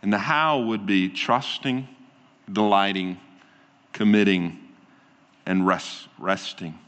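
Pastor guy preaching calm and earnest, long echo from the hall. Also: on the low side, dull audio. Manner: calm, earnest preaching with soft slow drops. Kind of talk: sermon.

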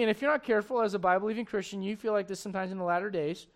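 High-voiced preacher swinging loud to hushed. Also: male voice, very fast, few pauses. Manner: swings from shouting intensity to hushed gentle tones. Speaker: pastor. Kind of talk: sermon.

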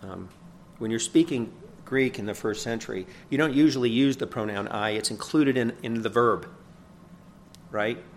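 A man's voice: mid-range voice, moderate pace, slight background noise. Man preaching a conversational sermon. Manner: conversational teaching, asks "right?" often; rises loud for emphasis, then drops soft. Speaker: pastor.

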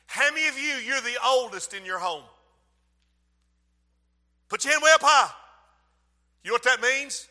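Male preacher, very high and piercing, dramatic sermon storyteller, long hall reverb. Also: animated, normal speed, pauses often. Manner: dramatic storytelling, acts out voices, shouts.

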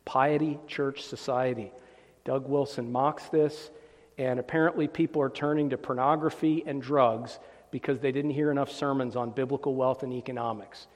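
Emphatic preacher in a reverberant hall. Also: male voice, mid-range voice, fairly even intonation, normal speed. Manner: emphatic, sarcastic, repeats for emphasis. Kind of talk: polemical sermon.

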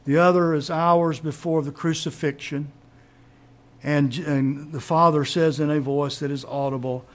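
A man's voice: fairly high pitch, fairly even intonation, measured pace. A man preaching a sermon, teaching in an emphatic way and asking rhetorical questions.

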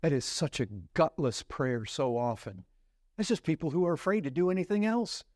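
A male pastor with a high voice preaches with strong emphasis, firing off urgent questions and then dropping to a hushed tone. The recording is dry and close. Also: big pitch swings, moderate pace, dry recording. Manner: emphatic, swings from loud to hushed. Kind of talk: sermon.

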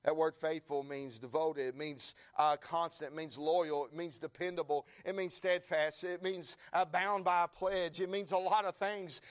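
An American man preaching a sermon in a church, building his repeated phrases up into fervent shouts while the congregation answers with amens. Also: fairly high pitch, steady tone, normal speed, few pauses. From United States. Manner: rising to fervent shouts, repetitive rhythmic phrasing.

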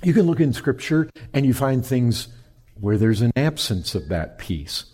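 A man preaching a sermon, animated, swinging between loud high emphasis and quiet low lines. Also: measured pace, slightly rough. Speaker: pastor.

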